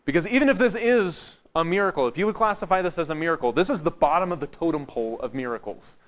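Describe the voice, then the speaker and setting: Male preacher, slightly high voice; casual, wry sermon delivery that drops to a hush for emphasis. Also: quick pace. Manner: conversational and wry, swinging from lively to hushed. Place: church.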